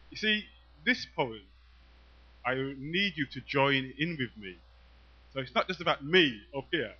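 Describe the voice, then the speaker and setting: Playful performance poet, bright voice. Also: male voice, on the high side. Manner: playful, teasing, rhythmic recital. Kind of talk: live spoken-word performance with audience call-and-response. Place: live venue in front of an audience. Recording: dull, muffled live recording.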